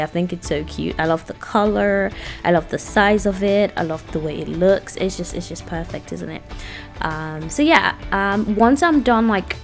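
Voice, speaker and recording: Gravelly and fairly low-pitched, this woman in her twenties vlogs from home. She addresses viewers straight to camera in a casual, chatty way, with plenty of laughter.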